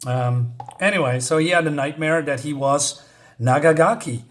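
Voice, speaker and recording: A man retells a horror story in a loose, casual way. He rambles and pauses often to search for his words, filling the gaps with ums and you-knows. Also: medium pitch.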